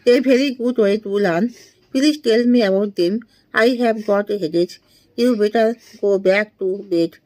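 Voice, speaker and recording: Slow-paced woman tutor reading drills. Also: medium pitch, dark tone, rough recording. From India. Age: 20s. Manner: slow, deliberate reading of short sentences with small laughs. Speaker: English tutor. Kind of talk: reading out practice sentences.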